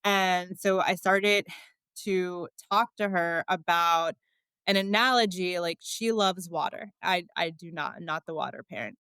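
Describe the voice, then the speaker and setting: A woman's voice: fairly low pitch, measured pace, fairly bright tone, clean tone, no room sound. A woman guest on a podcast, telling her story in a candid, chatty way, with many filler words and frequent laughs.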